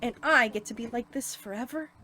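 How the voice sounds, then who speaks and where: A woman's voice: on the high side, fairly quick, bright, forceful tone. Woman playing a bitter cursed young monster. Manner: sullen, resentful.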